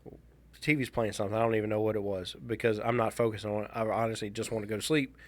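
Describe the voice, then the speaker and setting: A man, co-hosting a podcast and telling a personal story in a casual, halting, wry way. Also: fairly low pitch, level tone. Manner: halting, restarts a lot, candid and wry. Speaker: podcast co-host.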